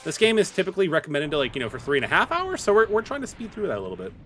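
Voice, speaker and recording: Male streamer, slightly high voice, animated casual chat over quiet game music. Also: racing. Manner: chatty, talks to chat viewers by name while playing; loose filler-heavy talk with many restarts. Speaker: streamer playing a game live. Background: faint game music.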